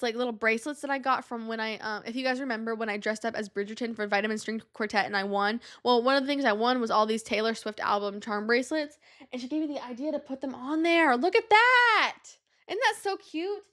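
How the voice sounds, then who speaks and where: A young woman hosting a casual solo podcast, bubbly and giggly, jumping from topic to topic with big swings in pitch. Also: fairly bright tone. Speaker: podcast host. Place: home room.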